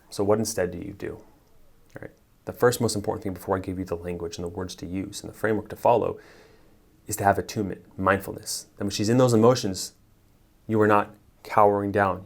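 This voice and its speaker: A man giving relationship coaching straight to camera, emphatic and conversational, acting out sample lines of dialogue. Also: fairly low pitch. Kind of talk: direct-to-camera advice talk.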